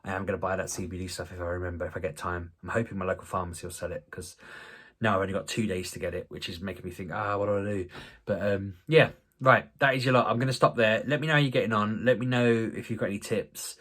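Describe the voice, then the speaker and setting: A man's voice: deep voice, steady tone, fast talker, a bit bright. A man, talking casually to camera in a rambling, self-deprecating way with many restarts. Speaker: vlogger. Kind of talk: casual vlog talk to camera.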